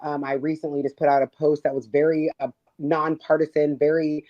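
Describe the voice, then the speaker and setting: Woman guest, hoarse and outspoken, dry dull lo-fi sound. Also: sits low, level tone, brisk, no echo. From Seattle, USA. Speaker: guest, advocacy founder. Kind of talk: casual interview chat. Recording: dull lo-fi audio.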